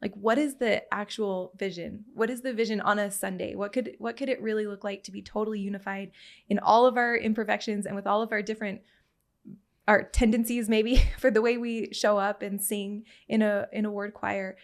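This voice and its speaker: An earnest woman host talks through an idea, restarting phrases as she thinks aloud. Her voice is at an ordinary middle pitch. She then turns to ask her guests a question. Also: steady tone, moderate pace, gravelly. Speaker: podcast host. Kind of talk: conversational interview.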